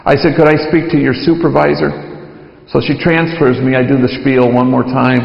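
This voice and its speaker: A man speaking as a priest, telling a story to an audience with lively acted-out quotes. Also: medium pitch, moderate pace, gravelly. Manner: animated storytelling, acting out quoted voices. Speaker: priest giving a talk. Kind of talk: storytelling lecture. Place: large lecture hall. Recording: echoey hall, dull lo-fi sound.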